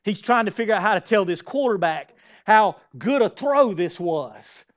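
Male pastor, fairly high voice, emphatic sermon delivery, dull lo-fi recording. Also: expressive, normal speed. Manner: emphatic, storytelling with repeated phrases and restarts.

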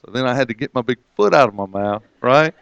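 A man delivers a sermon as a story, quoting others by pitching his voice higher. His voice is smooth and clear. The recording is dry and a little dull. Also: lively intonation, fast talker, a bit bright, no room sound. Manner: retells conversations, quoting others with rising pitch. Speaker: preacher.

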